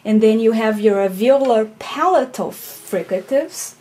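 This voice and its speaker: A woman's voice: on the high side, a little slow, mellow. A woman teaching a recorded phonetics lesson, explaining patiently and checking in with "okay?" and "right?".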